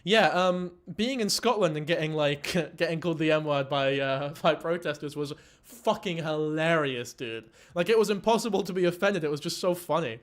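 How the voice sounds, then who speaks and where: A man's voice: on the high side, moderate pace. A man giving casual, rambling commentary on a clip he is reacting to, swearing offhand. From Ireland. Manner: rambling, swears casually, laughs while talking.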